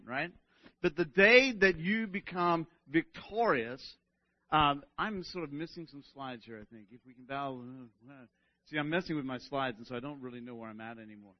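A male pastor delivering an animated sermon, often checking in with "right?" and restarting his words. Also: a little high, dry recording, dull audio.

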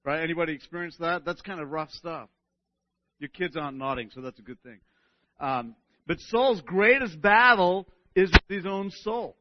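A male pastor delivering an animated sermon, often checking in with "right?" and restarting his words. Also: a little high, normal speed, muffled recording, a little hiss or hum.

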